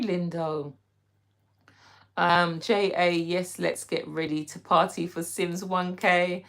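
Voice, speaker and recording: A woman's voice: deep voice, a bit bright. A woman hosting a casual livestream, reading viewer comments aloud and chatting back playfully, with easy laughter. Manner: laughs easily, playful teasing. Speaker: livestream host. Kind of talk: casual live-stream chat.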